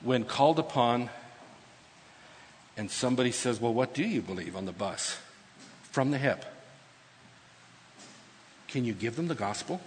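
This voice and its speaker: A man preaching a sermon, moving between quiet asides and loud, emphatic proclamation as he explains a scripture passage. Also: medium pitch, lively intonation, a little slow, long pauses, in a large hall, a little hiss or hum. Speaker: pastor.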